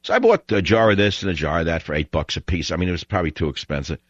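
A man with a low voice hosts a call-in radio show, delivering a scornful, blunt rant in an animated, rapid-fire way. It's a talk radio monologue picked up on a studio broadcast mic, and the audio sounds dull and dry with no echo.

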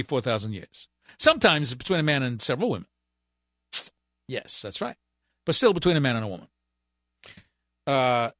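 A man's voice: a little high, bright, forceful tone, dry recording. A man hosting a political talk radio show, delivering a sarcastic, ranting monologue as a fill-in host into a studio microphone.

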